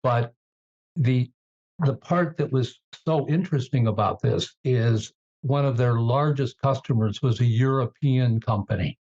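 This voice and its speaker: A man in an interview, telling business stories in a measured way with frequent fillers. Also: medium pitch, darkish tone, lo-fi sound. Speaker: guest, turnaround CEO. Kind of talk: interview storytelling.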